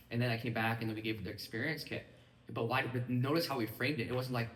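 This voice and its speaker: A man in his thirties leading a casual training talk for a small group, quick and chatty, often acting out bits of dialogue. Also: medium pitch, fairly bright tone, slight background noise. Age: 30s. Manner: fast, casual, acts out quoted dialogue. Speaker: sales team leader. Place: room with a small audience. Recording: echoey room.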